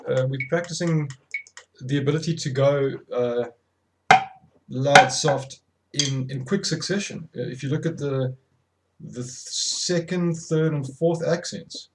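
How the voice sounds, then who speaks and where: A man's voice: mid-range voice, heavy background noise. A man teaching drumming, counting rhythms aloud and correcting himself as he goes, with many fillers. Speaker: drum tutor. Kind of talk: instructional demonstration.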